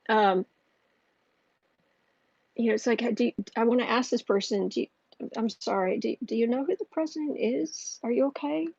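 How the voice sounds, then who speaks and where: Woman tarot streamer, husky and fairly high, rambling casual chat, muffled lo-fi mic. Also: a little mellow, no echo. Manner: rambling, chatty, self-interrupting with restarts. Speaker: astrology and tarot livestream host.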